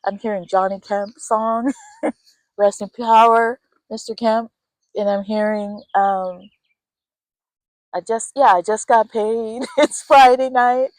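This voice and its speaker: Animated woman giving a spiritual reading. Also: mid-range voice, slow pace, no echo, rough recording. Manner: animated, acts out quoted voices. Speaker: tarot reader. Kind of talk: intuitive reading to camera.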